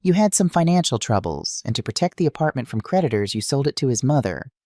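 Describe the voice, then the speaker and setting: A kindly older woman neighbor speaking gently and with pity, as a narrator puts her on. The voice is soft and mellow, recorded dry and close. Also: medium pitch, very animated, quick pace, no echo, natural voice.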